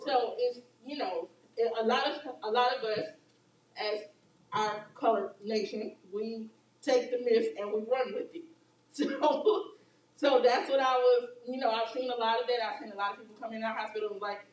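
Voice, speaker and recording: A woman who works at a hospital, giving brisk, matter-of-fact health advice in a casual talk. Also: a little high, fairly even intonation, lo-fi sound. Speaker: hospital worker and co-host. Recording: roomy, distant mic with faint noise.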